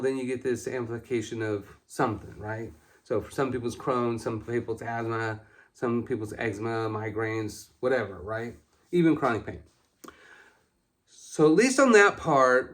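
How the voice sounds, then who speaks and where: A man in his forties, a doctor presenting a patient case in a casual, candid way, self-deprecating and full of fillers. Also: mid-range voice.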